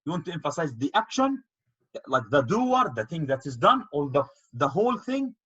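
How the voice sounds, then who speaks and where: Teacher type, patient explainer, slightly high husky voice, muffled call sound. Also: male voice, very animated, normal speed, a bit bright. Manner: patient, explains with repeated examples. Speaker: Arabic teacher. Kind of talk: online grammar lesson. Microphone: video call. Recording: dull lo-fi call audio.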